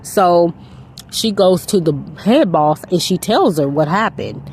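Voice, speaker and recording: Woman faith vlogger with a lowish voice, casual and earnest, telling the story in a loose ramble. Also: expressive, unhurried, darkish tone, slight background noise. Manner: rambling and earnest, with frequent "you know". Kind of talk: casual storytelling, retelling a film.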